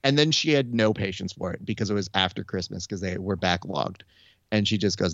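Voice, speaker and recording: A low-pitched young man chats casually, telling a story. He acts out the quoted lines with lively shifts in pitch. His voice sounds dry and slightly dull, as if recorded on a modest mic. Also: brisk, creaky, no echo. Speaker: podcast host. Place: Burbank area.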